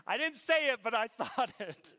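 A middle-aged male pastor tells a personal story from the pulpit in a high, bright voice. He drops to a hush for the tender parts, then climbs into loud, stretched-out emphasis as he preaches. His delivery is unhurried. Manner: swings from hushed storytelling to shouted preaching; drawn-out emphatic phrasing at peaks. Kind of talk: sermon storytelling.

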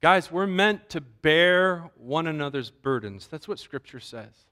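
Guy preaching to his church, kinda high voice, gets animated, acts out what people say. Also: measured pace. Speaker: pastor. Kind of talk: sermon.

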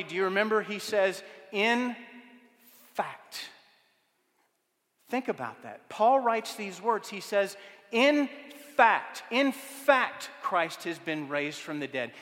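Male pastor, high bright tenor, emphatic sermon delivery, long church-hall reverb. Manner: rhetorical, emphatic preaching with repeated questions.

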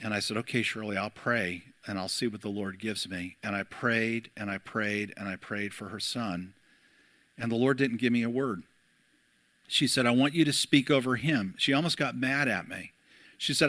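A man's voice: medium pitch, normal speed, sharp tone, no echo. A middle-aged man, a pastor, preaching a sermon and telling a story to his church, with frequent fillers.

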